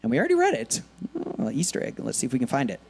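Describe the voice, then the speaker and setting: A man preaching a sermon in a church, talking casually with lots of fillers, and swinging between soft, quiet lines and loud, emphatic ones. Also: medium pitch, wildly swooping pitch, rapid-fire, gravelly, slightly rough. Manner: casual, conversational preaching with many fillers and laughs. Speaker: pastor.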